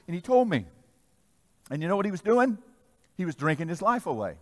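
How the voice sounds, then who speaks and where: A man preaching a sermon to a congregation, telling a story, swinging between loud exhortation and soft asides, asking the crowd questions. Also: high voice, very animated, fast talker. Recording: long reverb of a large hall.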